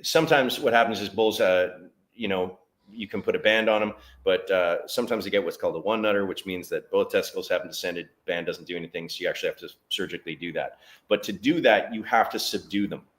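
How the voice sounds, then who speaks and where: A man with a very low voice tells a story in conversation. He acts out the other people's lines with energy as he talks. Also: fast talker. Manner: animated storyteller acting out dialogue. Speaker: guest, barbershop business owner.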